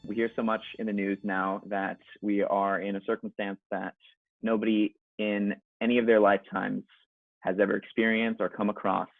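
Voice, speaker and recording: A man interviewing a professor over a video call, asking measured, formal questions. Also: on the low side, little pitch movement, vocal fry, dry recording, faint music behind. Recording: tinny, dry phone-like sound.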